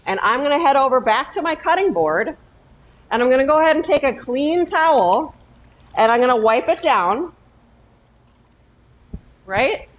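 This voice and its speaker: A woman's voice: high voice, expressive, moderate pace, pauses often, lo-fi sound, a little hiss or hum. Woman teaching a kitchen lesson. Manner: step-by-step, checks in with "okay?" often. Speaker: cooking teacher. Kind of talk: cooking lesson demonstration. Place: home kitchen.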